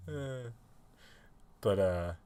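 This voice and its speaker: A man's voice: mid-range voice, animated, very slow, a little mellow, clear, resonant tone, dry recording. A man co-hosting a podcast in casual chat, rambling with many fillers and restarts and laughing often. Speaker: podcast co-host.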